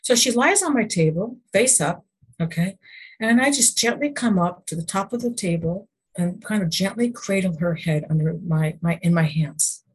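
Her voice is fairly low, animated and breathy at the edges, delivered at a moderate pace. As an emotion code practitioner guesting on a podcast interview, this woman tells sincere stories of faith, refers to God and the Lord, and keeps restarting and asking rhetorical questions.

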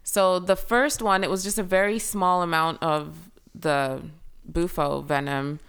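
A young woman telling a personal story as a guest in a casual chat, full of fillers and lively retelling. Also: lowish voice, measured pace, smooth. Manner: chatty, filler-heavy, animated retelling.

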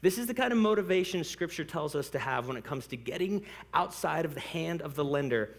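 A man's voice: on the high side, big pitch swings, brisk, creaky, hardly any pauses. A man preaching a sermon as pastor, talking straight to the congregation in a joking, conversational way and laughing often. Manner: conversational, addresses the congregation directly.

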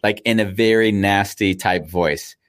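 A man's voice: lowish voice, unhurried, a bit bright. A man hosting a podcast interview, asking probing questions and relating the guest's story to his own life. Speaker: podcast host. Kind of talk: conversational interview.

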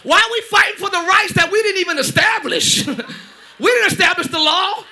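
A man preaching a lively sermon as pastor, often shouting and joking with the congregation. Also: extremely high pitch, a little fast. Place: church sanctuary.

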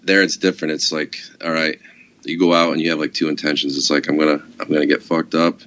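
A laid-back man with a very deep voice, yet bright and forceful in tone, telling long rambling stories. He fills his talk with "like" and swears casually. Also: level tone, quick pace. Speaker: guest, comedy club security guard. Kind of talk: casual conversation.

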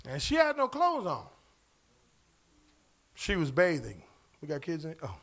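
A man's voice: a little high, wildly swooping pitch, unhurried, a bit bright. A pastor preaching a sermon in church, casual and slangy, asking the congregation questions as he goes. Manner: call-and-response preaching, asks the crowd questions.

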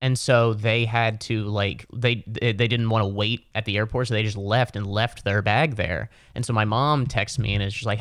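A man's voice: on the low side, steady tone, moderate pace, few pauses, a bit bright, no echo, studio quality. Young man ranting profanely on a podcast. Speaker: podcast host. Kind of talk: casual solo podcast storytelling.

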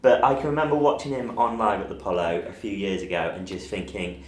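A man talking as a guest on a radio show, relaxed and hesitant with ums. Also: lowish voice, fast talker, echoey room. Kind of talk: casual chat.

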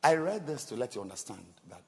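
Animated male pastor in a reverberant church. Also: medium pitch, quick pace, gravelly. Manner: animated, laughing, rhetorical questions to the congregation. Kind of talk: sermon.

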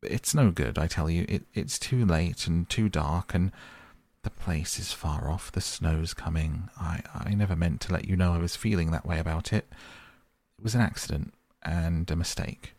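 A man's voice: low-pitched, moderate pace, a little mellow, dry recording. A man voicing a tearful, timid, homesick male mole who pleads in a sobbing rush. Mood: anxious pleading.

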